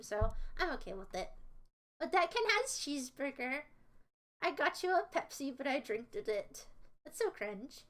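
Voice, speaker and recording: Very high, bright-voiced woman streamer. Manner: rambling and jokey, repeats catchphrases; giggly, squeals when excited. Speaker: livestreamer. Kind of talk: casual chat with viewers.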